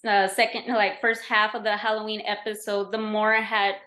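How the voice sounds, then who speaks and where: A woman's voice: medium pitch, level tone, normal speed, pushed and bright. A woman who is a podcast guest, chatting casually and explaining with lots of "like" and "you know". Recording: roomy, echoey remote recording.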